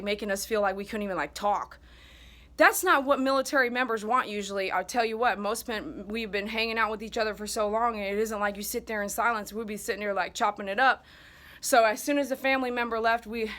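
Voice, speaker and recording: A woman's voice: fairly high pitch, a bit bright. A woman dog groomer speaking to her viewers in a casual vlog monologue, emphatic and heartfelt.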